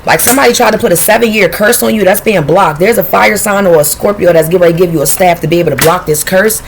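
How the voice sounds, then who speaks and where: Woman, tarot reader, casual and profane, streetwise delivery, mid pitch, noisy recording. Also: quick pace, creaky. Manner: blunt, profane, streetwise and animated. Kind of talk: casual intuitive tarot reading.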